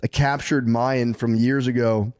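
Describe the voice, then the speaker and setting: A man's voice: medium pitch, level tone, a little slow, a little mellow. A man co-hosting a podcast, telling a history story in casual comedic chat, rambling and profane, laughing often. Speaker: podcast co-host.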